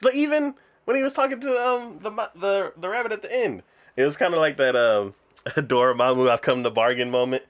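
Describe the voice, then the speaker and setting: Animated man chatting on a podcast. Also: high-pitched, brisk. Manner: animated, laughs often, acts out lines of dialogue. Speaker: podcast co-host. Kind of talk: casual anime podcast chat.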